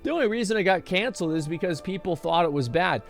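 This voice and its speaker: A man's voice: sits high, lively intonation, fast, creaky, faint music behind. A man streaming casually, reacting to a video with exasperated rants and many restarts. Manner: exasperated, ranting, lots of restarts.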